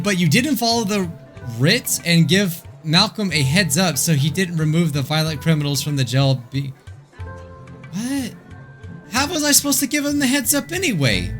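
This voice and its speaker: A young man giving excitable, joking commentary while playing a video game. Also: on the high side. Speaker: gaming video host. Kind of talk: let's play commentary.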